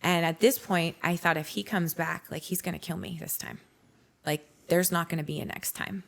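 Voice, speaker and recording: A woman's voice: lowish voice, steady tone, normal speed, creaky. A woman in her forties, a podcast guest, frankly telling her life story in a blunt, candid way. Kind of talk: candid personal testimony.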